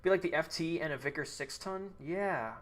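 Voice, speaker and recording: A man's voice: fairly high pitch, normal speed, fairly bright tone, slight background noise. A young man streaming live, thinking aloud, reading chat and restarting sentences as he goes.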